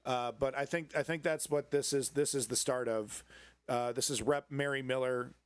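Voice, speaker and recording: A man's voice: medium pitch, steady tone, normal speed, clear, resonant tone, no room sound, clean studio sound. A man hosting a casual live-stream news commentary show, rambling and sarcastic, swearing freely and greeting viewers in the chat.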